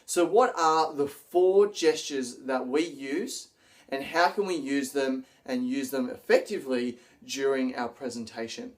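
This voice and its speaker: A man coaching public speaking straight to camera, energetic, acting out gestures as he explains them. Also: mid-range voice, unhurried. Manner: energetic, demonstrates gestures while talking. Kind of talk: direct-to-camera teaching video.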